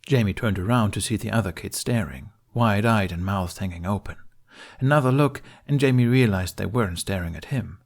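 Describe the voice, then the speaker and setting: Male audiobook narrator, low voice, steady and emotional delivery. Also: a little fast. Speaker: fan fiction narrator.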